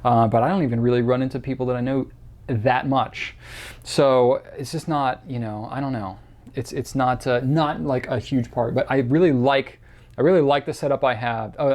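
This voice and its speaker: Rambling, gravelly-voiced man chatting. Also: medium pitch, darkish tone. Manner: rambling and self-deprecating, many fillers and restarts. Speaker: host answering viewer questions. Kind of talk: casual chat to camera.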